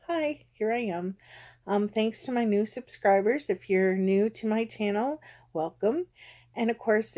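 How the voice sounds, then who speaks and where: Woman in her fifties, confessional vlog, mellow warm tone, halting and emotional, talking to her camera. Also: medium pitch. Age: 50s. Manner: halting and hesitant, many pauses and ums; emotional, close to tears at times. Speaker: vlogger.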